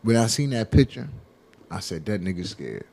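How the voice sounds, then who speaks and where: A man's voice: lowish voice, sing-song, normal speed, vocal fry, a little mellow, slightly rough. Loose, crude male radio co-host. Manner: loose, crude, stumbles and repeats words. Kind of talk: casual banter.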